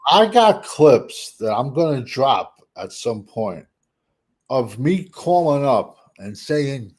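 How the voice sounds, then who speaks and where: A man hosting a podcast in casual chat, ranting in an animated, exasperated way. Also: mid-range voice, takes it slowly. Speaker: podcast host.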